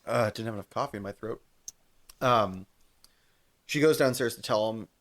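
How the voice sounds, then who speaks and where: A young man, a podcast co-host, retelling a TV episode in casual chat, animated, laughing and swearing freely. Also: fairly low pitch, moderate pace.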